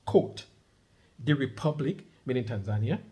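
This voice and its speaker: With a warm, mid-range voice and lively intonation, a middle-aged vlogger reads a news article at a measured pace, pausing to comment. He stresses key points by repeating them and tells listeners to underline words.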